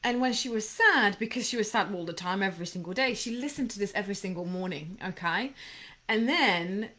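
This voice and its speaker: A woman's voice: mid-range voice, expressive, brisk, sharp tone. A woman hosting a motivational talk, speaking with passion and rambling through many restarts and asides. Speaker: podcast host.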